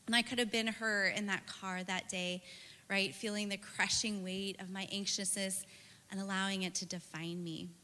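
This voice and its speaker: A woman speaks with a bright, forceful voice in an earnest and personal way, often adding "right" as she goes. Her devotional talk carries a long reverb, as if heard in a large hall. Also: medium pitch, level tone, normal speed. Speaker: speaker at a church women's gathering.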